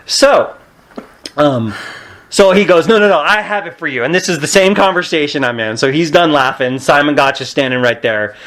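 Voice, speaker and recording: A man in his forties tells stories as a podcast guest, lively and often laughing. He acts out other people's lines in a raised voice. His voice sits slightly high. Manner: animated, laughing, acts out quotes in a higher voice. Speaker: podcast guest, pro wrestler. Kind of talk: casual storytelling chat.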